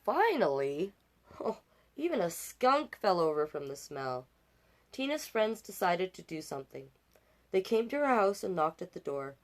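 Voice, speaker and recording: Animated woman reading a picture book. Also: lowish voice, a little slow. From Canada. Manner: animated, chatty asides and sound effects. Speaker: storytime host.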